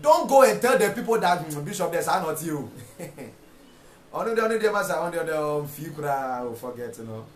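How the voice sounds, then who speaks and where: A man preaching a sermon, repeating phrases and rising to shouted rhetorical questions. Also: fairly high pitch, brisk, a little hiss or hum. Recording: echoey room with faint music.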